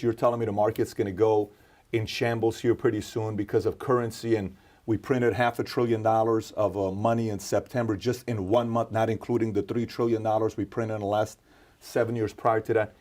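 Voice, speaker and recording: A man's voice: fairly low pitch, fairly quick, darkish tone. A man interviewing an author, earnestly putting the viewer's questions to him.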